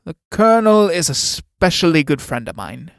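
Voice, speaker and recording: A domineering old military captain in a read-aloud play, measured and condescending in every command. A man acts him out in a dry, close recording with a mid-range voice. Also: mid-range voice, fairly even intonation, vocal fry, no room sound, close to an everyday voice.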